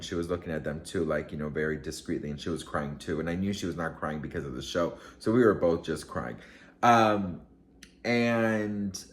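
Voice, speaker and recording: A man vlogger telling a story to camera in a casual, gushing, emotional way, rambling with many fillers. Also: low-pitched.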